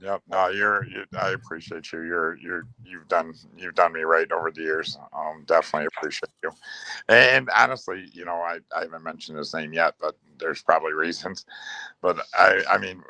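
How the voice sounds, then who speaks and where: Gravelly low-voiced man, casual storytelling. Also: normal speed, sharp tone, no room sound, rough recording. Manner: laughs while telling stories, many restarts. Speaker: guest, former speedway owner.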